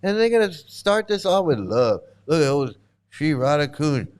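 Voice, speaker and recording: A man's voice: on the high side, big pitch swings, moderate pace, a little mellow, clear, resonant tone. A man ranting in angry commentary as a former member, profane and repetitive, restarting his sentences.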